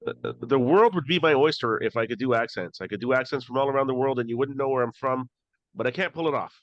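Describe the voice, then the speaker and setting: A man's voice: medium pitch, quick pace, dry recording. Stammering, joking man on a dull mic. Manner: jokey storyteller, stammers and restarts. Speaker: podcast host. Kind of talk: casual comedic podcast chat.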